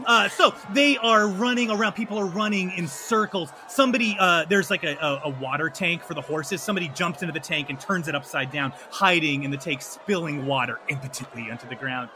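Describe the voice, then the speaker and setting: A man narrating a tabletop game as game master, with animated, slapstick delivery. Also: fairly high pitch, fairly quick, few pauses, slight background noise.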